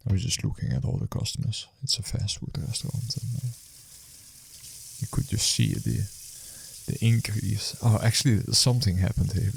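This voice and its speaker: A man's voice: lowish voice, gravelly, a little mellow, a little hiss or hum. A man who works as a food delivery rider, casually telling a story after his shift in a rambling, hesitant way full of fillers and restarts.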